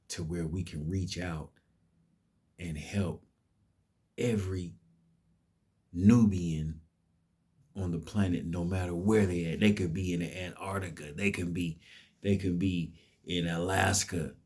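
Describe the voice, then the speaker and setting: Deep, husky man preaching. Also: steady tone, takes it slowly, pauses often, a little mellow. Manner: preachy, emphatic, cursing. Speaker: vlogger. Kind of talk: impassioned monologue.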